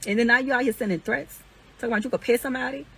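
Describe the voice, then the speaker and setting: A woman's voice: on the high side, steady tone, racing, pushed and bright, breathy edge, low-quality recording. A young woman venting heatedly and profanely, indignant and repeating herself. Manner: indignant, repetitive, swears constantly, rising to incredulous peaks. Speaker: woman airing accusations against an ex.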